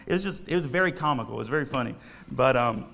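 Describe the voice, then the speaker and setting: A man's voice: mid-range voice, lively intonation, fast talker, gravelly, pushed and bright, in a large hall. A man preaching a sermon, telling a story in a casual, rambling way with many fillers.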